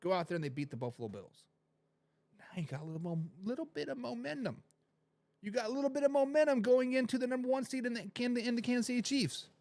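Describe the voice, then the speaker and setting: A man hosting a sports talk show, his voice sitting high for a man as he rambles and swings between loud and quiet. He talks straight to his viewers. The sound is dry and close, with no room echo. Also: lively intonation, fast talker. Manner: addresses viewers directly. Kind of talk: casual sports talk with live chat.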